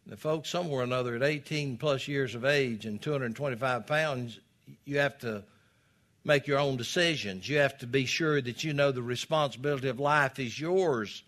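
Bright-voiced preaching man. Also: normal speed. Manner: preaching, rising to loud emphatic peaks then dropping low. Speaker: pastor. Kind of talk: sermon.

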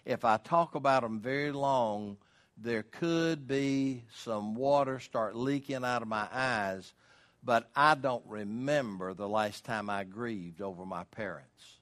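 A man's voice: medium pitch, slow pace, fairly bright tone. An older man preaching a sermon as pastor, folksy and emphatic, asking rhetorical questions.

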